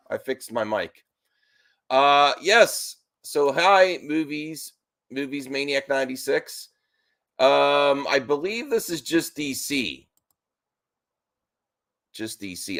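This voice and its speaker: Guy on a live stream, all wound up and nervous, keeps cutting himself off, medium pitch voice. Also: creaky. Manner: excited, restless, keeps interrupting himself. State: nervous and worked up. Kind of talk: live stream reaction chat.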